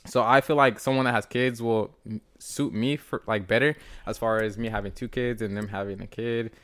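A man's voice: fairly low pitch, fairly even intonation, fairly quick, fairly bright tone. A young man guesting on a podcast, talking in a laid-back, rambling way with lots of fillers and restarts. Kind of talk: casual chat.

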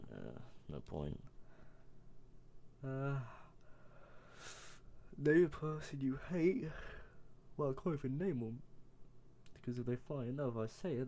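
A man's voice: medium pitch, vocal fry. A young man casually reading questions aloud and answering them himself in an offhand, mumbling way. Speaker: vlogger. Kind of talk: casual Q&A vlog.

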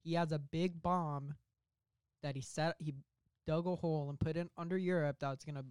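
A man's voice: a little high, fairly even intonation, moderate pace, darkish tone, clean tone, dry recording. A young man co-hosting a casual podcast, rambling through a story with lots of filler words. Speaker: podcast co-host pitching a movie idea.

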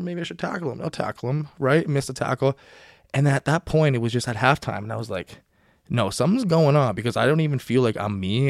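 A man's voice: medium pitch, no echo, studio quality. A young man hosting a podcast, telling a long story in a casual, profane, rambling way and acting out his own past words. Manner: profane, rambling, animated when quoting himself. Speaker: podcast host and football player.

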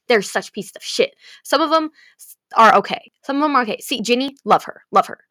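A young woman gushing about a book to her viewers, swearing freely and swinging between gasps, whispers and shouts. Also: on the high side, animated, fairly quick, dry recording, studio quality. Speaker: fanfiction vlogger. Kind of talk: emotional casual rant about a book.

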